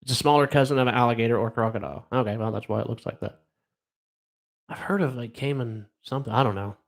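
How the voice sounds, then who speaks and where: A middle-aged man from Ohio hosts a casual live stream and reads odd news aloud. He rambles and trails off, with plenty of fillers and wry asides. His voice sits at an ordinary pitch. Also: fast talker, vocal fry. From Ohio, USA.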